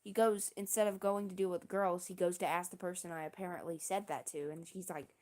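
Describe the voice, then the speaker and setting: A woman streamer casually telling a long story on a livestream, halting and restarting often, with casual swearing. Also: lowish voice, steady tone, darkish tone. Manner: rambling, halting, with many restarts and fillers.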